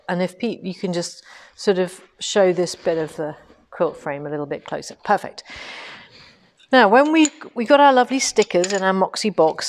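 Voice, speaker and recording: A woman's voice: fairly low pitch, darkish tone. A woman who runs a quilting shop, teaching a live-streamed lesson from her showroom and telling stories about her own mistakes, laughing at herself. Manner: chatty storytelling, self-deprecating, laughs at herself.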